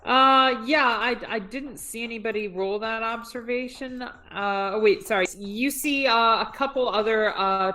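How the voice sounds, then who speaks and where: A woman running a tabletop game as game master, narrating and ruling in a relaxed, joking way. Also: medium pitch.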